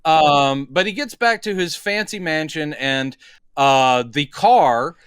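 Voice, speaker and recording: A man's voice: a little high, slow pace, fairly bright tone, clean tone, dry recording, studio quality. A man co-hosting a podcast, chatting casually and rambling as he retells movie scenes. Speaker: podcast co-host. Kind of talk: casual movie review chat.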